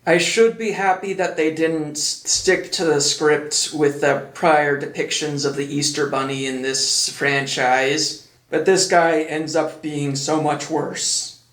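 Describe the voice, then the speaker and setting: A man's voice: fairly high pitch, steady tone, slow pace, a bit bright, echoey room. A man giving sarcastic commentary as a video reviewer, making dry, mocking jokes.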